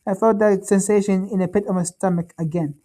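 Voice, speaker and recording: A woman reading a first-person story aloud, halting, with frequent restarts and repeated phrases. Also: mid-range voice, fairly even intonation, dark tone, rough recording. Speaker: story reader.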